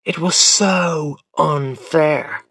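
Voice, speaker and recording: A man reading a story aloud for English learners, carefully enunciated and unhurried. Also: on the high side, creaky, no echo, studio quality. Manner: slow, carefully enunciated reading with lively intonation. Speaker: audiobook narrator.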